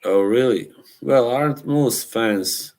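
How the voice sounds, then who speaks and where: A man's voice: medium pitch, slow pace, a little mellow. A man hosting a live stream, chatting casually with viewers, laughing often and teasing. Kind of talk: casual chat reacting to live chat.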